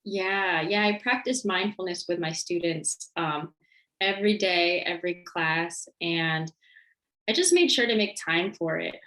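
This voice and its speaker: A woman mindfulness educator and former science teacher, talking as a guest in a relaxed, friendly way. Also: on the low side, a little slow, low-quality recording. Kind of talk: conversational interview.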